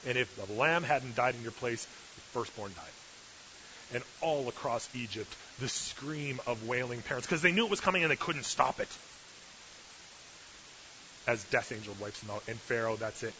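A man preaching an animated sermon, telling the story with acted-out voices and dropping from hushed tones to loud bursts. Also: mid-range voice, moderate pace. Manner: lively, acts out voices, shifts from hushed to loud. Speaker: pastor. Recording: dull lo-fi recording with faint hiss.

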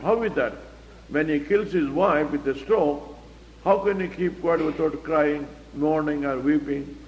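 A man's voice: on the high side, a little mellow. A man teaching the Bible verse by verse, explaining it plainly and asking rhetorical questions. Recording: echoey hall, dull lo-fi recording.

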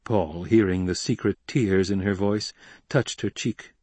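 A man narrating an audiobook in a steady, scripted reading. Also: on the low side, measured pace, no room sound.

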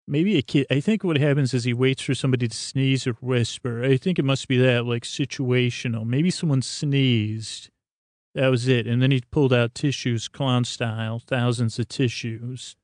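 A man's voice: medium pitch, steady tone, normal speed, a little mellow, dry recording, studio quality. A man narrating a tabletop game as game master, rambling with many fillers and restarts.

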